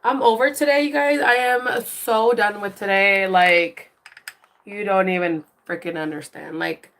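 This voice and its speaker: A woman's voice: medium pitch, unhurried, fairly bright tone. A young woman chatting casually on a phone livestream, venting that she is fed up and swearing casually. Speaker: livestream host. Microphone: phone camera.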